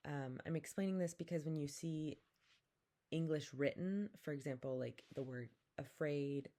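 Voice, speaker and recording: A woman teaching a language lesson, saying each vowel slowly and repeating words for the listener to copy. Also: deep voice, dark tone. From Pacific Northwest, Coast Salish community. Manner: slow and careful, repeats each sound, drawn-out demonstrations. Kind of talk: slow, patient vowel lesson with call-and-repeat.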